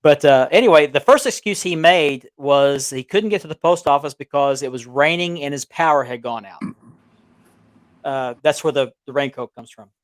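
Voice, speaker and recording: Speaking from a small-town home over a delayed remote call, a man co-hosting a belt collectors' chat show rambles through a story with frequent restarts and chuckles. His voice runs on the high side at a moderate pace, dry and studio quality.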